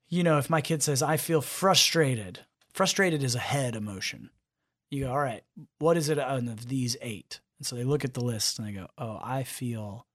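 A man, a podcast guest and father, talking in a casual interview and acting out quotes as he tells stories. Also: mid-range voice. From United States. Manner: animated storyteller, acts out quotes.

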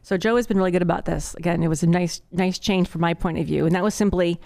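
Woman co-hosting a marriage chat, low-ish gravelly voice, chatty, says "like" a lot. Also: fast talker, a little mellow. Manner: chatty, uses many fillers like "like". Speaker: podcast co-host. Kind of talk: casual chat about marriage.

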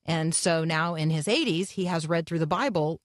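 A woman hosts a morning radio program, reflecting earnestly and pausing with small fillers as she talks. Her voice sits on the low side and sounds close and dry, with no room around it. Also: no room sound. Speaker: radio host. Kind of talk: devotional radio talk.

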